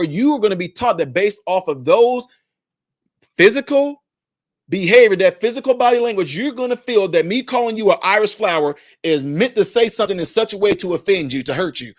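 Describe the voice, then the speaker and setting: A man giving emphatic, preachy spoken commentary, repeating his points to hammer them home. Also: high-pitched. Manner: acts out what others say in put-on voices. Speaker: commentary vlogger.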